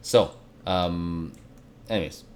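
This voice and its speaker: A man's voice: low voice, takes it slowly, darkish tone, a little hiss or hum. A man from the Salt Lake City area co-hosting a casual sports podcast, emphatic and rambling, often repeating his words. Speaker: podcast co-host.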